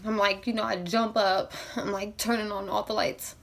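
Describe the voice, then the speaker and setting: A woman's voice: medium pitch, level tone, normal speed, vocal fry, a bit bright. A young woman in a personal vlog, her voice emotional and close to tears. She rambles, restarts and fills her story with casual fillers as she works through it. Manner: rambling, full of fillers like "you know what I mean". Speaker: vlogger.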